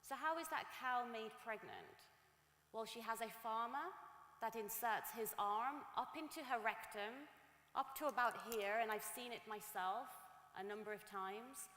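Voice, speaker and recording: A woman's voice: on the high side, a little slow, bright, forceful tone. Earnest woman speaking in an echoey hall. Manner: earnest, emphatic, repeats words while building points. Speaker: speaker at a talk. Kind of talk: public talk. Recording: echoey hall with long reverb.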